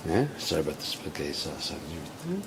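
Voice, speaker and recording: A man's voice: extremely low pitch, wildly swooping pitch, a little fast, gravelly, noisy background. A man giving casual reaction commentary on a video, rambling, giggling and swearing, with music playing in the background.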